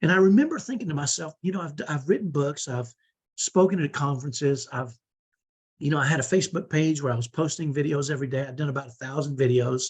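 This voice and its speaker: A man's voice: on the high side, quick pace, breathy edge. A man in his fifties giving an online parenting training, earnest, motivational and direct. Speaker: parenting coach.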